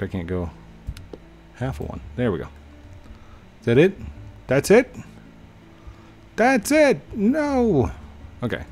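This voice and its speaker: A young man giving casual gameplay commentary, chatting to himself with sudden excited outbursts. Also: sits low. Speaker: gaming YouTuber.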